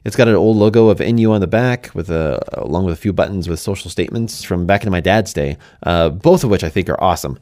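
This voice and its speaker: Deep-voiced man narrating a fantasy story. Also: fast, hardly any pauses, darkish tone, dry recording, studio quality. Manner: conversational, speaks to the listener directly.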